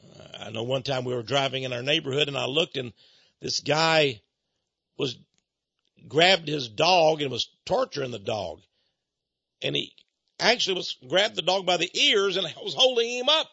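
Man, radio commentary host, sharp tense tone, dry close sound, fired-up delivery. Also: a little high, moderate pace, vocal fry, breathy edge, dry recording, highs cut off. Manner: indignant ranting, swinging between hushed asides and loud outbursts.

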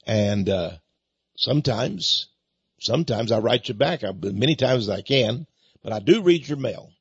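Folksy older man, husky lo-fi voice. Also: mid-range voice, lively intonation, normal speed, no room sound. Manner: folksy, rambling, chuckling asides. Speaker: radio show host. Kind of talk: talk radio monologue with book pitch.

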